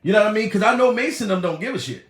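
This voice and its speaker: A man's voice: high-pitched, big pitch swings, racing, fairly bright tone. A man hosting a comedy livestream, ranting profanely, laughing often and putting on mock crying. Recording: echoey room.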